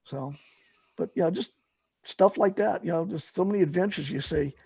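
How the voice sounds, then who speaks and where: Middle-aged man, casual storyteller, gravelly and husky, loose rambling delivery. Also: high-pitched, normal speed, a little mellow, no echo. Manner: rambling, lots of fillers and restarts. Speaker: guest, paramotor fly-in organizer.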